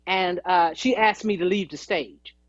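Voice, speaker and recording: A woman's voice: on the low side, unhurried, dry recording. Chatty woman telling stories, dry lo-fi. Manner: chatty, anecdotal storytelling. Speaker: guest, singer and actress. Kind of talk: storytelling interview. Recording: dry, dull lo-fi audio.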